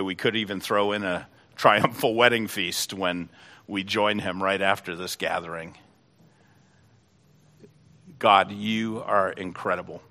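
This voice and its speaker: A middle-aged man preaching a sermon as pastor, fervent and building to loud emotional peaks, then praying. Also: low-pitched.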